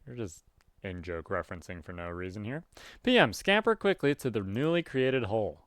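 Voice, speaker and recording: A man reading a webcomic aloud and chatting about it casually, with sudden loud, animated outbursts. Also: fairly low pitch, normal speed, dry recording, studio quality. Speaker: webcomic reader. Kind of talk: casual read-aloud with commentary.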